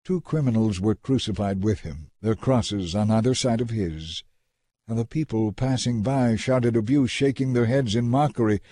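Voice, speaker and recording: A man narrating scripture in a measured, dramatic reading. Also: mid-range voice, dark tone, no echo, clean studio sound.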